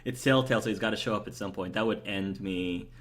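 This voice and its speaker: Chatty man with lowish voice. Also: quick pace, a bit bright. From United States. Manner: chatty, enthusiastic, rambling with fillers. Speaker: let's play host. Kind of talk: casual gameplay commentary, reading chat aloud.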